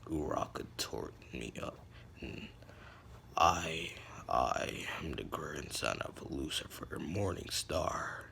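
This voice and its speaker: A man voicing a young male hero turned vengeful and brooding, speaking in a slow, low, menacing whisper. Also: expressive, creaky, pushed and bright, slight background noise, full character voice.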